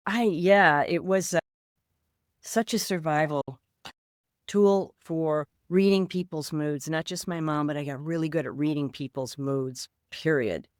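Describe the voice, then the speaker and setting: A woman's voice: low voice, a little slow, dry recording, clean studio sound. A woman co-hosting a podcast, talking in a reflective, conversational and supportive way in casual chat. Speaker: podcast co-host.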